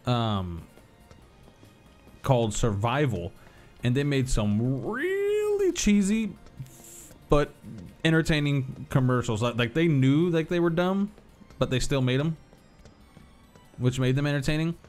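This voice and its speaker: A man's voice: medium pitch, big pitch swings, measured pace, long pauses, darkish tone. A man in his thirties streaming a video game, telling rambling stories and swearing casually. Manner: rambling storyteller, swears, laughs easily. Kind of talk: casual gaming commentary. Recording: faint music behind.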